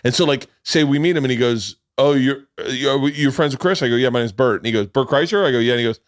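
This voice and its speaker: It's a fast-talking, mid-range voice: a middle-aged man hosting a casual podcast chat, meandering through anecdotes, acting out what people said, and swearing freely. Studio quality, no echo.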